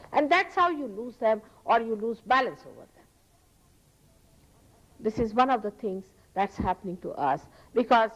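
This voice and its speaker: A woman giving a public spiritual talk, earnest and emphatic, often rising sharply in pitch. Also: a bit bright, muffled recording. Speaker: spiritual teacher. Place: public hall.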